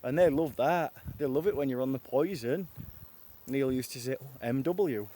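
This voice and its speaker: A man's voice: mid-range voice, normal speed, mellow, a little hiss or hum. A man from northern England in a rambling, profane confessional monologue, jumping between quotes and outbursts. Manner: raw, profane, jumps between quotes and rants.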